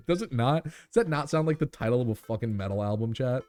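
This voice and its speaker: A man's voice: mid-range voice, big pitch swings, moderate pace, mellow. A man with a New York accent streaming a game live, chatting casually with his viewers, laughing and swearing easily.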